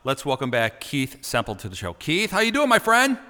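A man hosting a live radio show from a studio in Chicago jokingly teases his guest, his loudness rising and falling sharply. His voice is a little high with huge pitch swings, his pace a little fast, and the recording has a long reverb tail.

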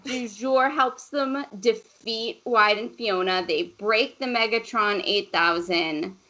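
Woman, 30s, podcast co-host; bright, chatty, casual swearing, laughs easily. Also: fairly high pitch, takes it slowly, rough recording. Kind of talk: casual chat recapping a movie.

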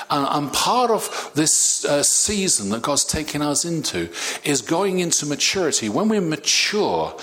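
A man preaching a sermon, animated, with many stammered restarts. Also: medium pitch.

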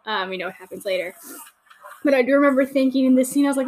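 A woman's voice: a little high, brisk. Gushing young woman fan host. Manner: gushing, chatty, full of fillers. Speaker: podcast host giving watch-along commentary. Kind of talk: casual fan commentary.

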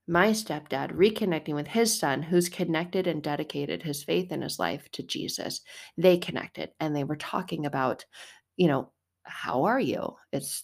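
A woman in her thirties talking about faith in a casual, rambling way, getting animated and sometimes singing short lines. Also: low voice, gravelly. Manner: animated, rambling, breaks into song. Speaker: vlogger.

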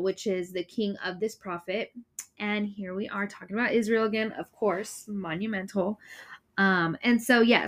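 A woman casually retelling a Bible story, chatty and expressive, acting out the characters' lines and laughing as she goes. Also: mid-range voice. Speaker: Bible study presenter.

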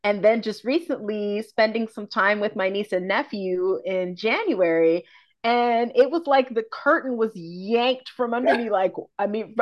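A woman's voice: fairly high pitch, moderate pace, dull audio. A woman in her forties, a confidence coach and podcast guest, talking frankly and expressively in casual conversation, swearing freely.

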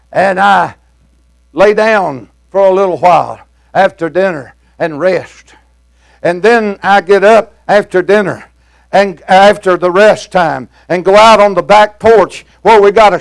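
An older male preacher with a very high, gravelly voice delivers a fiery sermon. He shouts in a rolling preaching cadence, folksy and plain-spoken, with "uh" fillers between phrases. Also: slow pace.

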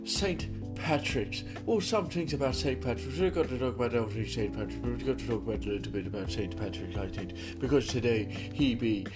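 A man doing a jolly, overdone put-on Irish voice, sing-song and pitched high, on a phone headphone mic. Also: brisk, few pauses, over loud music, lightly acted. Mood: hammy, jolly.

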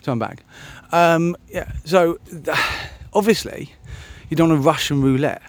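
Rambling man, slightly high voice. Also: a little slow. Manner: meandering, self-mocking, lots of ums and restarts. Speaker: podcast host. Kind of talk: rambling solo podcast chat.

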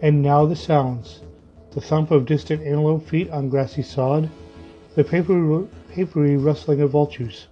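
A man narrating a story in a slow, vivid, measured way. His voice sits somewhat high, yet its tone is very dark and mellow. The recording is muffled and lo-fi, with faint music playing underneath. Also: fairly even intonation. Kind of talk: story reading.

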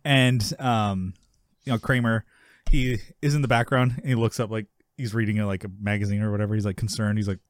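A man co-hosting a podcast, casually recapping a sitcom episode and acting out the characters' lines with his voice jumping up high. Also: brisk, no echo, studio quality. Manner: animated retelling, acting out characters' lines in a raised voice. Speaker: podcast co-host.

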